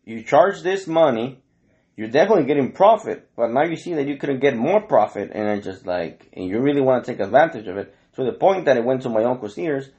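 A man's voice: medium pitch, expressive, fairly quick, a little mellow. A man in casual chat who tells stories animatedly, acting out the dialogue, swearing freely and slipping into Spanish phrases. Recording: dull lo-fi audio.

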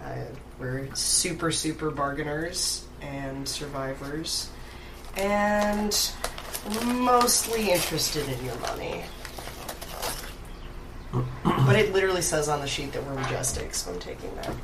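A woman with a low, unhurried voice describes her character at a gaming table, playful and a little nervous. A steady noise runs underneath the recording. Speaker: player.

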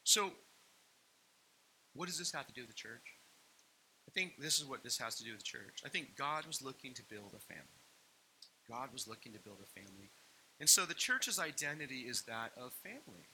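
A man's voice: medium pitch, very animated, brisk, long pauses, sharp tone, a little hiss or hum, poor audio. A man preaching a sermon as pastor, telling stories with playful asides and acted-out quotes. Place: church hall.

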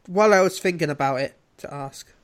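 Podcast panelist, man, high voice, teasing casual chat. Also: a little fast.

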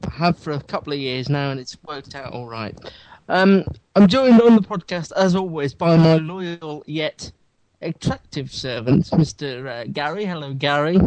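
A man's voice: fairly high pitch, moderate pace, darkish tone, dry recording, rough recording. A man hosting a casual podcast, wry and rambling, enthusing about television with his co-hosts. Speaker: podcast host.

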